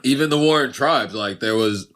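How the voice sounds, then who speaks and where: Bright-voiced casual male co-host. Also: mid-range voice, normal speed. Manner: animated, laughing, swears freely. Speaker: podcast co-host. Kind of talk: casual chat.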